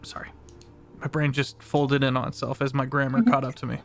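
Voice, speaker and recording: A man narrating scenes as game master, pausing often with fillers. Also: medium pitch, level tone, gravelly, a little hiss or hum. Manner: halting, many fillers, laughs easily.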